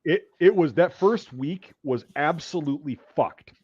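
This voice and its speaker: A man hosting a casual talk, telling a profane story and acting out drill sergeants' shouts. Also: on the high side, animated, measured pace, husky, no echo, highs cut off. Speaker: podcast host.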